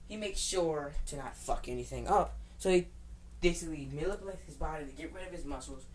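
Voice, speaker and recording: A woman with a notably deep voice tells an improvised fan story off the cuff. She rambles and restarts, swears freely, and bristles defiantly at anyone who dislikes her version. A faint hum sits under her voice. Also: darkish tone, poor audio. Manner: rambling, profane, frequent restarts; defiant outbursts at critics.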